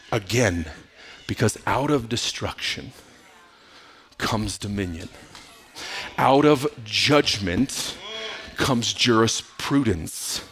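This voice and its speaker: Pastor, male, animated sermon delivery, bright lively voice, shifts from shouting to near-whispers. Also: medium pitch, breathy edge.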